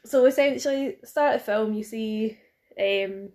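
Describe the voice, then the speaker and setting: A woman's voice: on the high side, a little slow, a little mellow. Chatty woman podcast host. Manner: chatty, teasing, laughs often. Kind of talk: casual chat.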